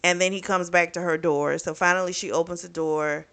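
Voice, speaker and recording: A woman's voice: on the low side, a little fast, smooth. A woman recapping a book's plot in a casual, chatty way, with frequent swearing and lots of fillers. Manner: chatty, profane, animated retelling with lots of fillers. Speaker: book reviewer.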